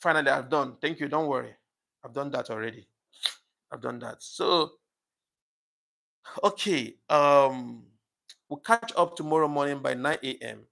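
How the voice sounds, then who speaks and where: A man's voice: mid-range voice, a little slow, gravelly, long pauses, a bit bright. A man hosting a live stream, chatting casually and reading out viewer comments, often apologizing and thanking his viewers, an emotional speaker. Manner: emotional, says things get to him easily. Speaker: livestream host.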